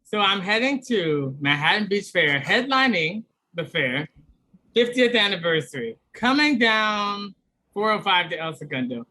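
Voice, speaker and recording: A man, a comedian guest on a podcast, telling a story in an animated way and acting out other people's lines. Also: high-pitched, a little slow.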